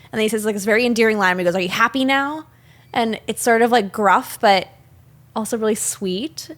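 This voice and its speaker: A young woman co-hosting a casual film podcast, talking at an ordinary pitch. She retells movie scenes in a chatty, animated way, full of fillers and quick asides. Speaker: podcast co-host.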